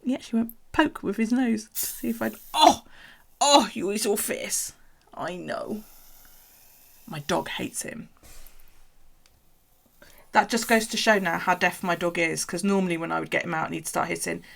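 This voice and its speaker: A woman streaming casually from home, with a slightly low, gravelly voice. She chats loosely, swears freely and coos at her animals. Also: moderate pace, long pauses, a bit bright. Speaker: livestreamer. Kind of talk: casual livestream chat.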